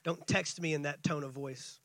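A man preaching a sermon. He acts out the scripture dialogue and swings between excited, quick bursts and hushed, drawn-out lines. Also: a little high, dry recording. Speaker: pastor.

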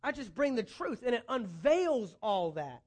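Man, high voice, pastor preaching a sermon, earnest, rising emphasis. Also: sing-song, measured pace, a little mellow.

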